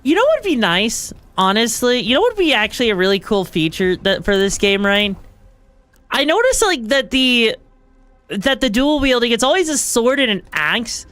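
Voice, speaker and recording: A woman's voice: a little high, very animated, moderate pace, fairly bright tone. A woman streamer chatting casually and rambling while she plays a game. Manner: rambling, chatty, lots of fillers. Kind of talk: casual gameplay commentary.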